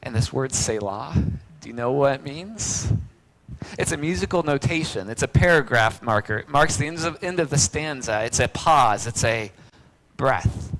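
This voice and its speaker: A man preaching a sermon as pastor, swinging from loud cries to hushed near-whispers. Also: medium pitch, expressive, normal speed, low-quality recording.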